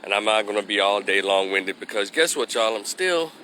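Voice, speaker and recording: A man's voice: on the low side, lively intonation, fairly quick, pushed and bright, a little hiss or hum. Rambling man with a stuffy cold. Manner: rambling, loses his train of thought. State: recovering from a cold, slightly stuffy. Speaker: vlogger giving opinions. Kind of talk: casual live vlog. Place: outdoors walking past a construction site.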